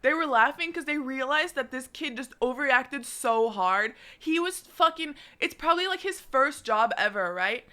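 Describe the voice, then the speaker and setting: A young woman from Norway tells a story on a live stream in a high, bright voice. She is animated and profane, cursing freely as she goes. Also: moderate pace, hardly any pauses. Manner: animated, profane, swearing often.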